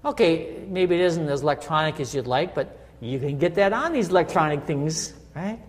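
In a church sanctuary with a big-room echo, a middle-aged pastor preaches a conversational sermon at a moderate pace. His fairly high voice is animated, and he keeps checking in with listeners by asking "right?"

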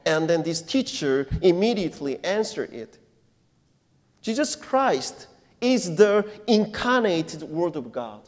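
A male pastor giving a sermon in non-native English phrasing, preaching deliberately and emphatically and putting questions to his congregation. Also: high voice, big pitch swings. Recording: long reverb of a church hall.

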